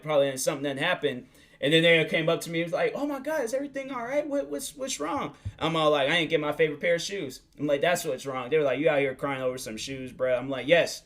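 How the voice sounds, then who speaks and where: A man's voice: mid-range voice, fairly bright tone. Rambling young man podcasting. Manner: rambling with many fillers and restarts. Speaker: podcast host. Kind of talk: casual solo podcast chat.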